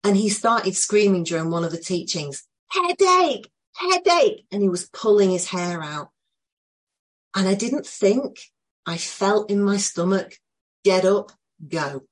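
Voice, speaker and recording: A woman telling an emotional personal story to a group, earnest and full of pauses. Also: mid-range voice. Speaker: group participant sharing a story.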